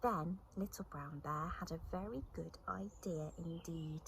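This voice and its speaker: A woman reading a children's story aloud, expressive and animated, often dropping to a whisper. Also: lowish voice, unhurried, vocal fry, a little hiss or hum, poor audio.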